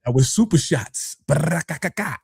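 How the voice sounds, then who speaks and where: A man's voice: mid-range voice, expressive, brisk, a little mellow, a little hiss or hum. A man from New York co-hosting a podcast in casual chat, telling stories conversationally and often adding "you know what I'm saying". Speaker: podcast co-host.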